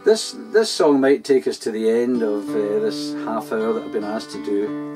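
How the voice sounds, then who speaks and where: A man's voice: fairly low pitch, moderate pace, over loud music. A Scottish man hosting an online folk gig, chatting casually and a little self-deprecatingly between songs. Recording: voice from a distance off the mic.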